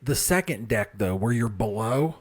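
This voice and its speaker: A man's voice: mid-range voice, expressive, normal speed. A man co-hosting a podcast in casual chat, teasing the others with dry jokes. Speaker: podcast co-host.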